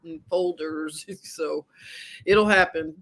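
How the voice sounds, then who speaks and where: Bright-voiced woman telling stories. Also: low-pitched, takes it slowly. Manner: animated storyteller, laughs often. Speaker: podcast co-host. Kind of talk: casual chat.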